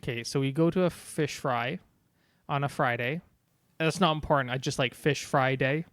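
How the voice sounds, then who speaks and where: A man co-hosting a casual podcast chat, with a deadpan, dry way of joking. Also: mid-range voice, normal speed, no echo. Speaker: podcast co-host.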